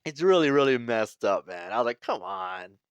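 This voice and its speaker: A man's voice: medium pitch, big pitch swings, fairly quick, clear, resonant tone, no room sound. A man giving a casual, rambling recap of a manga chapter as the channel's host, chuckling and trailing off into fillers. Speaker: manga reviewer.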